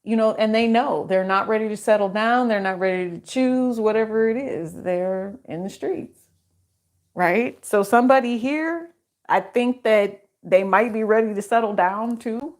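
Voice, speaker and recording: A woman's voice: medium pitch, normal speed. A middle-aged woman giving a casual tarot reading, chatty and rambling, laughing often as she talks. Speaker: tarot reader.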